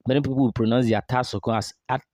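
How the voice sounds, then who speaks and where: A man from Nigeria, teaching recitation and drilling sounds slowly over and over. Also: mid-range voice, steady tone, a little mellow, dry recording, clean studio sound. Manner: slow drawn-out model syllables, repeated drills. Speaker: tajweed teacher. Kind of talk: recitation lesson.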